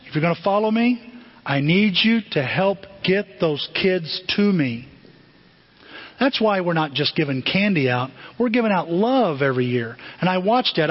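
A male pastor preaches in a chatty, conversational way, tossing rhetorical questions at his listeners. His voice is husky and sits a little higher than most men's. The recording sounds dull and lo-fi. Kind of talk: sermon.

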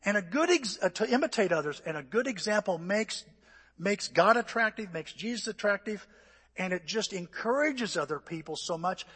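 High-voiced, husky older pastor preaching. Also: male voice, moderate pace. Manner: animated storytelling, acting out voices and shouts. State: out of breath. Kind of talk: sermon. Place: church. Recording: echoey church hall.

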